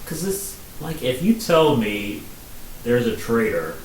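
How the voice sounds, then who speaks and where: A man's voice: medium pitch, very animated, takes it slowly, darkish tone. A man co-hosting a podcast, reacting to stories with incredulous, jokey disbelief. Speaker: podcast co-host. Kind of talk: casual chat. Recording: echoey room, off mic, faint hiss.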